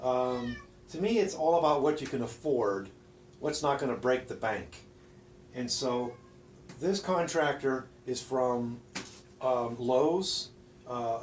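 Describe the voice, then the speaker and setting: A man's voice: mid-range voice, animated, a little slow. A middle-aged man hosting a woodworking channel, chatting casually and folksily to his viewers as he demonstrates in his home workshop, recorded on a phone. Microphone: phone camera. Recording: roomy workshop echo, faint noise.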